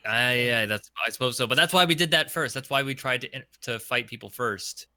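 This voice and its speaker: A man's voice: mid-range voice, fairly quick, pushed and bright, no echo. A man co-hosting a casual gaming podcast, easygoing and laughing along, with lots of hesitant fillers. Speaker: podcast co-host.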